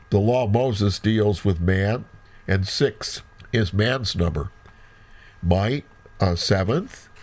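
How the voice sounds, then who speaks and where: A man giving a Bible study lecture, animated, with bursts of wonder and folksy asides. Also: lowish voice. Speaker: Bible teacher.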